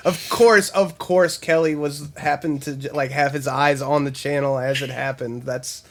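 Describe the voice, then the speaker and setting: A man's voice: fairly high pitch, steady tone, moderate pace. A man co-hosting a podcast, chatting casually and laughing his way through stories. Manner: laughs while telling stories. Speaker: podcast co-host. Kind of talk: casual chat.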